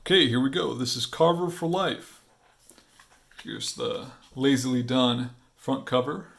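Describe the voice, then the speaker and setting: A man chatting in a casual vlog, excitable and quick to restart his sentences, with some swearing. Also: mid-range voice, gravelly. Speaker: comic artist vlogger. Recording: faint guitar music behind.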